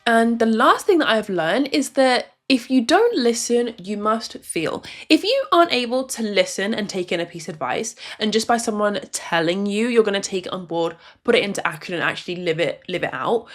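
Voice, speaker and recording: A young woman from the UK giving casual advice to camera, chatty and reflective, leaning on "like" as a filler. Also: mid-range voice. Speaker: vlogger. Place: a room at home, in dim lighting.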